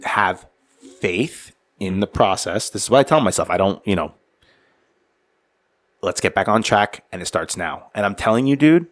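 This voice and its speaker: Profane, jokey New man, low voice. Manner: profane, jokey, animated storyteller who reenacts his own thoughts. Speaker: podcast co-host. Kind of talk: casual podcast chat.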